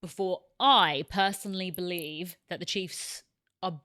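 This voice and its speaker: A woman co-hosting a casual sports chat. She is bubbly and animated and giggles often. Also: fairly low pitch, a little slow, dry recording, studio quality. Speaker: co-host.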